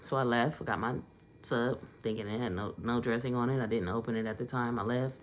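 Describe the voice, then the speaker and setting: A woman with a strikingly deep, low voice tells a casual storytime vlog. She talks conversationally and leans into emphatic asides. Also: a little fast.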